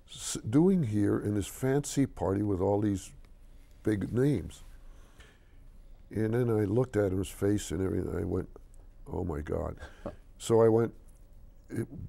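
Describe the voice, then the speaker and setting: A low, gravelly older man tells a long story in a TV interview. His voice is dark and mellow. He stumbles and restarts, then acts out the voices of the people in it. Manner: animated storyteller, hesitant with restarts. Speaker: interview guest, company chairman.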